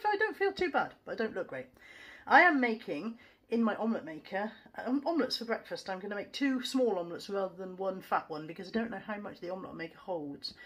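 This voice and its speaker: A British woman chatting frankly to her phone camera at home as a vlogger, self-deprecating and casual. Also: mid-range voice. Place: at home, kitchen and bedroom.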